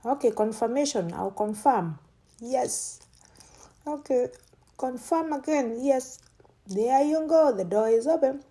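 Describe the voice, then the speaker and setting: A woman talks her way through a casual vlog, thinking aloud as she goes. Her voice sits on the higher side but sounds mellow and soft-edged, and she keeps breaking into exclamations of delight. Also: lively intonation, takes it slowly. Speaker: vlogger. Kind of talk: casual running commentary.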